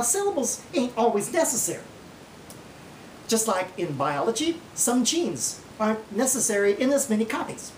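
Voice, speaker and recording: A man's voice: high voice, distant mic, a little hiss or hum. A man playing Charles Darwin as a folksy Oklahoma man, giving a comic mock lecture with an Oklahoma accent and a drawling, point-by-point manner, recorded in a roomy space away from the mic.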